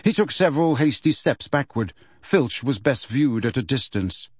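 A man reading a children's fantasy novel aloud as narrator, in a measured storytelling manner. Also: mid-range voice, expressive, husky, dry recording, studio quality. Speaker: audiobook narrator. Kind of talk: scripted narration.

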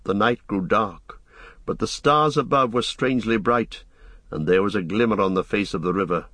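Man, audiobook narrator, steady storytelling, low pitch, dry recording. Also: moderate pace, no room sound. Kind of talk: scripted narration.

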